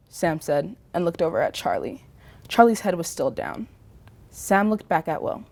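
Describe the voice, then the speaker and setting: A woman reading a story aloud in a slow, measured narration. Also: lowish voice, very animated, a little mellow. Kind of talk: audiobook reading.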